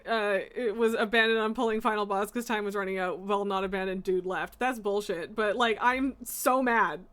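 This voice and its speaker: A woman's voice: mid-range voice, fairly even intonation, normal speed, fairly bright tone. A young woman streaming a game, ranting in exasperation and laughing between swears. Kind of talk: casual live-stream rant while gaming.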